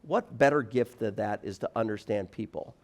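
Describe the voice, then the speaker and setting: A man in his forties giving a chapel talk to students in an animated, conversational way, acting out little scenes as he goes. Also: lowish voice, normal speed. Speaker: campus speaker.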